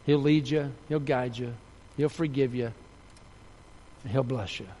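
A man preaching a sermon earnestly, rising and loud when telling a story, dropping soft and low for appeals. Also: fairly even intonation, a little slow, big-room sound, slight background noise. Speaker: pastor.

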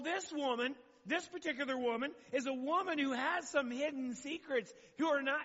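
A man's voice: extremely high pitch, a bit bright, in a large hall, lo-fi sound. A man preaching a sermon as pastor, talking conversationally and asking the congregation questions.

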